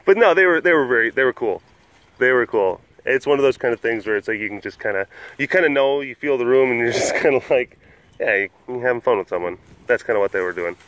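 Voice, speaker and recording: A man's voice: mid-range voice, moderate pace, fairly bright tone, no room sound. A man hosting a casual, rambling talk, chuckling often and restarting his sentences. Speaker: host. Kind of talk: casual rambling podcast chat. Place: animal compound.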